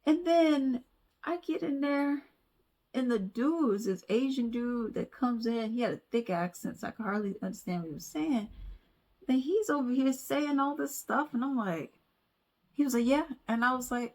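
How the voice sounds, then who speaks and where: A woman's voice: fairly high pitch, moderate pace, fairly bright tone. A woman vlogger in casual commentary, telling stories with lots of asides and frequent "okay?" tags.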